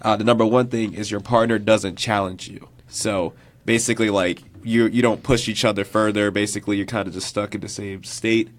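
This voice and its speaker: A man's voice: on the low side, fairly even intonation, fairly quick. A young man co-hosting a college radio show, presenting a list in an easygoing way. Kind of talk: casual studio chat.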